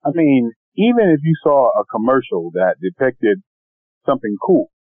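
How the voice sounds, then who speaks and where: A man's voice: mid-range voice, big pitch swings, normal speed, dry recording. A man, an actor guest, answering interview questions enthusiastically and emphatically. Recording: tinny phone-like line.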